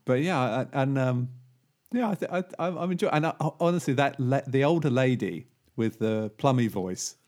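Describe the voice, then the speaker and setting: A man's voice: medium pitch, normal speed, a little mellow. Chatty man, laughing often. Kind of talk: casual chat about TV.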